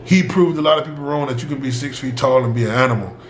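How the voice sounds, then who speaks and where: A man's voice: mid-range voice, fast talker. A young man, a former football player, casually telling a personal story, acting out the other people's lines and laughing often. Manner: animated, acts out both sides of the dialogue, laughs often. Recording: roomy echo with faint background noise.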